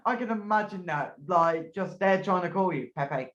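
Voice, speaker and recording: A man's voice: sits high, normal speed, fairly bright tone, reverberant, dull audio. A man hosting a casual interview podcast, joking and riffing on his guest's stories. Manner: jokey, riffs on the guest's story, laughs often. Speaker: podcast host.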